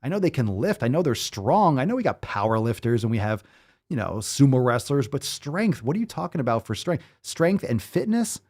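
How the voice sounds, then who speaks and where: A male fitness host in full rant mode, swearing freely and firing off incredulous rhetorical questions. His pitch swings all over the place as he talks, sitting at an ordinary middle height. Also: very animated, brisk, a little mellow. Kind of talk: ranting commentary.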